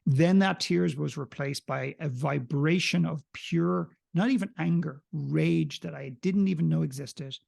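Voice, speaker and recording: A man, a podcast guest, telling a candid personal story in an animated, self-mocking way with some profanity. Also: on the high side, measured pace, gravelly, few pauses, husky.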